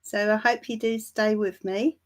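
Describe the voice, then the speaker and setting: A woman hosting a tarot live stream, chatting warmly and calling viewers darling and my love. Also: medium pitch, fairly even intonation, unhurried. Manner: laughs lightly between remarks. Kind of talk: casual livestream chat greeting viewers.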